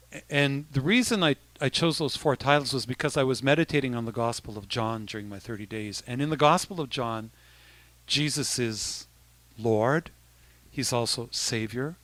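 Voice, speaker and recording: Man, bishop, relaxed talk to teens, bright tone, dry close sound, chatty restarts. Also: mid-range voice, no room sound. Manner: conversational, with many restarts and asides. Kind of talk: informal talk to youth.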